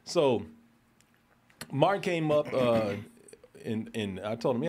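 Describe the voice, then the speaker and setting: A man co-hosting a podcast, telling a story in casual chat, animated and profane, shouting when he imitates someone. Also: medium pitch, moderate pace.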